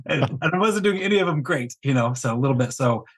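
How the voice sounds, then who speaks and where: Guest, male, mid-pitched husky voice, relaxed, rambling first-person account. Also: fast talker, poor audio. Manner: candid storytelling with many fillers. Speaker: guest, business coach. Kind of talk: casual interview chat.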